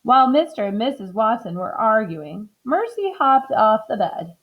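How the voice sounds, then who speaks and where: A woman reading a children's book aloud in an expressive, animated way. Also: on the high side, normal speed. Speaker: storybook reader. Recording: slightly dull lo-fi recording.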